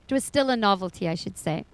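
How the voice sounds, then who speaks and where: A woman's voice: medium pitch, no room sound, low-quality recording. A middle-aged woman giving a personal faith testimony as a foster mother, telling her story expressively and laughing often.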